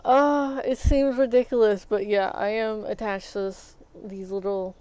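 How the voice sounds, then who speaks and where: A woman's voice: mid-range voice, normal speed, dark tone, smooth, dry recording, lo-fi sound. A woman streamer giving casual gameplay commentary, venting in exasperation and restarting her words as she talks. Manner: exasperated venting, stammering restarts, mild swearing.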